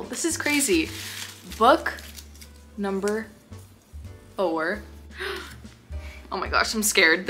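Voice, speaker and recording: Bubbly, bright-voiced woman book vlogger. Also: mid-range voice. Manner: excitable, gasping and squealing at each pick. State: out of breath. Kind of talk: casual reading vlog.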